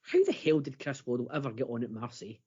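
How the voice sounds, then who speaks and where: Bloke ranting on a podcast, husky voice, swings all over, dull lo-fi sound. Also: male voice, medium pitch, fast talker. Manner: excitable, swearing, mocking. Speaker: podcast co-host. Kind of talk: casual chat.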